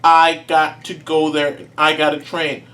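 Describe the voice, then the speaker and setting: A man's voice: a little high, completely flat delivery, a little slow, bright, forceful tone, distant mic, pitched below the performer's own voice. A man voicing an aging male cartoon race car, speaking impatiently and pleading to train his own way.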